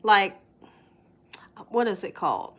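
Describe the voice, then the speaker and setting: Speaking slowly in a mid-range voice, a middle-aged woman shares an animated story with her viewers from home. Her telling is full of laughter and sudden hushed whispers.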